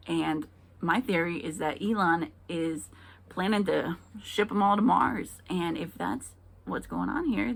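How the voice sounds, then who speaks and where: A woman's voice: on the low side, creaky, fairly bright tone, slightly rough. A woman performing a stand-up comedy set, talking in a hesitant way full of ums before landing dry punchlines. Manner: hesitant, filler-heavy delivery with dry punchlines.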